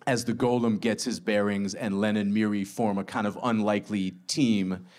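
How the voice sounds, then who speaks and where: A male author in a casual book talk. He summarizes his novel in a lively, self-deprecating way. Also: lowish voice, moderate pace.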